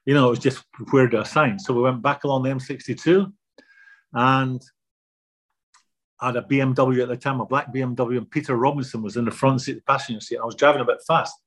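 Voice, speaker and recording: An older man being interviewed, telling anecdotes in a relaxed, self-deprecating way. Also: mid-range voice, fast talker, breathy edge. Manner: anecdotal, self-deprecating, repeats words when starting. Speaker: guest.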